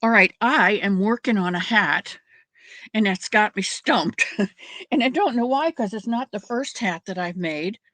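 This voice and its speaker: Chatty woman with a bright, dry voice. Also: mid-range voice, animated, unhurried, dry recording. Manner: rambling, chatty, greets viewers by name. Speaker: crafting livestream host. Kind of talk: casual chat with live viewers.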